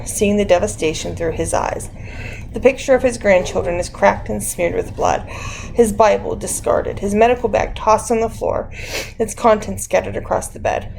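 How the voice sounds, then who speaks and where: A woman narrating an audiobook in a measured, dramatic way. Her voice has a creaky, gravelly texture at a middle pitch. Faint noise sits underneath. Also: darkish tone, rough recording. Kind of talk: scripted narration.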